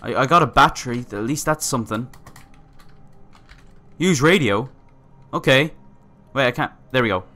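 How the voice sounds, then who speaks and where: A man at an ordinary middle pitch narrating his own gameplay. He is excitable and swears often, reading the on-screen text aloud as he plays. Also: normal speed, pauses often. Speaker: gamer playing a survival game. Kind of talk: let's-play commentary.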